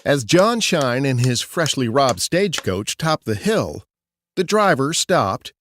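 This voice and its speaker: A man narrating a scripted true-crime history story in an expressive storytelling way. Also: mid-range voice, takes it slowly, slight background noise.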